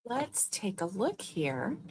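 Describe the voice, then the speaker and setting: A woman's voice: medium pitch, very animated, takes it slowly, darkish tone, husky. An older woman hosting a crochet live stream, chatting in a gushing, friendly way and laughing easily. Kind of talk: casual live stream chat.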